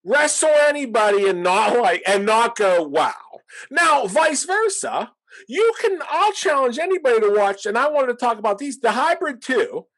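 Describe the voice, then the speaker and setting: A man co-hosting a wrestling podcast, talking in a rambling, animated way and laughing often. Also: very high voice, moderate pace, rough recording. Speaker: podcast co-host. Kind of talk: casual wrestling podcast chat.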